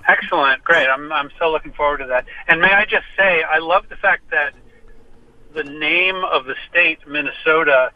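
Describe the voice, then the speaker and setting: A man's voice: on the high side, moderate pace, no room sound. A man joining a radio interview by phone from his parked car, talking in a wry, self-deprecating way with frequent stammered restarts. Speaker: guest musician. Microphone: phone call. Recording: muffled lo-fi phone line.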